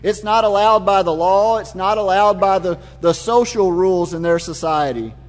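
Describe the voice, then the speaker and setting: A man's voice: sits high, normal speed. A man preaching a sermon, retelling the scene in vivid, imaginative detail. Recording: long hall reverb.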